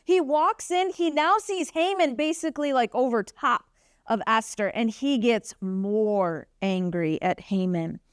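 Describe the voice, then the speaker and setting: A woman teaching a children's Bible lesson at church, telling the story with animated expression and acting out the characters' lines. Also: on the high side, unhurried, clean tone, dry recording, clean studio sound.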